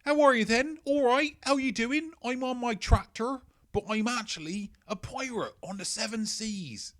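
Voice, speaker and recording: A squeaky little rustic pirate farmer, as a man puts him on. He sounds far higher than an everyday voice, loud and bright, and chirps out his greetings in a cheery sing-song. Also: normal speed.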